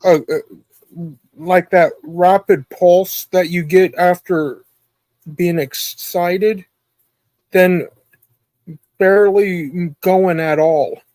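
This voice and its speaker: Man with a high voice, halting and full of ums, speaks very slowly. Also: steady tone, darkish tone, dry recording. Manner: hesitant, many fillers. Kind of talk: casual chat.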